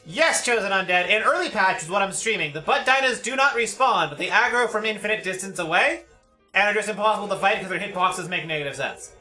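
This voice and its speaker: A man's voice: high voice, animated, brisk, pushed and bright, soft background music. A man streaming a video game, swearing freely as he gives running commentary on his play.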